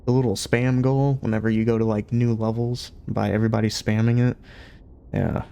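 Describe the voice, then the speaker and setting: A young man on a livestream, reading a novel aloud and chatting casually between chapters with a relaxed, easygoing manner. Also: fairly low pitch, a little fast, vocal fry, clear, resonant tone. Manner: relaxed, chatty, laughs easily. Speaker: streamer reading a book aloud.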